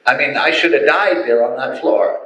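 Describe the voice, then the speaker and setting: Animated man telling his story. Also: mid-range voice, moderate pace, slight background noise. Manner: animated storyteller who acts out voices. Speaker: testimony speaker. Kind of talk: personal testimony storytelling. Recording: echoey room, faint ambience.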